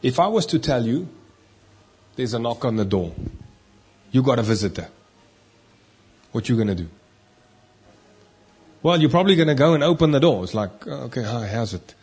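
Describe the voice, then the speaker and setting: Preacher, male, husky tone, emphatic delivery with big swings in loudness. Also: mid-range voice, big pitch swings, moderate pace, pauses often. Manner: emphatic, rising and dropping loudness for stress. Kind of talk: sermon.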